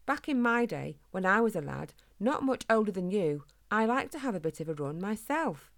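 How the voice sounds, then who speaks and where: A woman's voice: medium pitch, big pitch swings, moderate pace, dry recording, clean studio sound, voice pushed up. A woman voicing a folksy father hedgehog. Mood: fond. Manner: chatty, folksy reminiscing. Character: kindly father hedgehog, fond storyteller.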